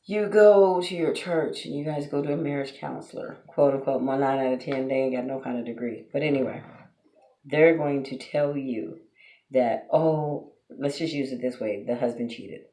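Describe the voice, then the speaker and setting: A woman's voice: extremely low pitch, moderate pace, mellow. A woman giving blunt relationship advice straight to her viewers, preachy and full of rhetorical questions. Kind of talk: direct-to-camera advice monologue. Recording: roomy echo.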